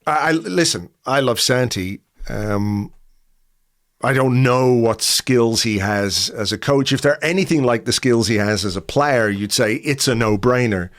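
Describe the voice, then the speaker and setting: A man's voice: medium pitch, measured pace, a bit bright. A middle-aged man hosting a casual chat in a dry, wry, laid-back way. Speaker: podcast host.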